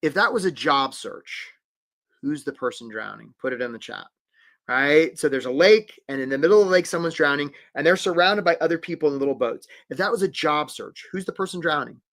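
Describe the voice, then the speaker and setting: A man's voice: on the high side, lively intonation, a little fast, fairly bright tone. A man coaching job seekers in a live webinar, upbeat and encouraging, calling out viewers by name.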